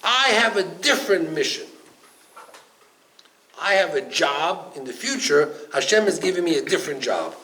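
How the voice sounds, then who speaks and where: A man voicing a stubborn, argumentative male raven that insists loudly on its own way. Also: fairly high pitch, big pitch swings, moderate pace, low-quality recording. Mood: defiant. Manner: insistent, loud and defiant.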